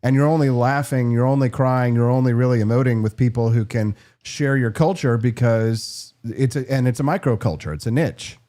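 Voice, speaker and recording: A man's voice: mid-range voice, normal speed, hardly any pauses, dark tone. A man hosting a talk show, playful and joking in casual chat. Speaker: show host.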